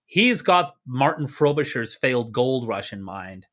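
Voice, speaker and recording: Man, from Canada, podcast co-host, bright tone, lively storytelling, jokey asides. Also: medium pitch, a little slow. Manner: animated, jokey, slips into mock voices for quotes. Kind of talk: casual history storytelling.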